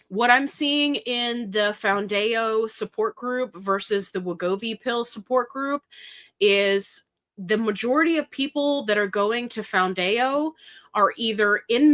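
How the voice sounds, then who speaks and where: A woman's voice: mid-range voice, a bit bright, no echo. A woman hosting a casual livestream, chatting straight to her viewers and answering their questions, laughing often. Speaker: host of a livestream.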